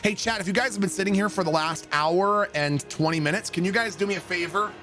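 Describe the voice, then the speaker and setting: A male game streamer telling an army story and chatting with viewers in an animated, joking, profane way. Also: sits high, quick pace, soft background music. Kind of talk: casual storytelling and chat with viewers.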